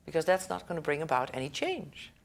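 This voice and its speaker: A woman's voice: low voice, big pitch swings, a little fast, creaky. A woman school director giving a lecture to parents in a conversational way, checking in with the audience, laughing often and acting out the people in her stories.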